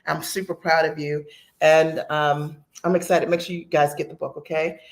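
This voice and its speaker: A woman's voice: low-pitched, level tone, moderate pace. Middle-aged woman coach, chatty and gushing, talking straight to camera from her home office. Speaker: business coach. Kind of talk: live unboxing video.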